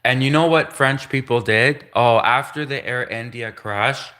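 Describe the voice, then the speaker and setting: A man's voice: mid-range voice, measured pace, sharp tone. A man from Canada rambling through a casual solo livestream monologue, repeating himself and giggling between asides. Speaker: livestream host.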